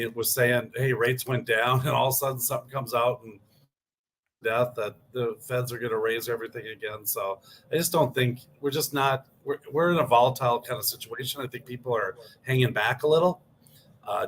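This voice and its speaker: A man's voice: mid-range voice, fairly bright tone, slight background noise. A man co-hosting a radio show, talking in an easygoing, joking way. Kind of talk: casual radio talk.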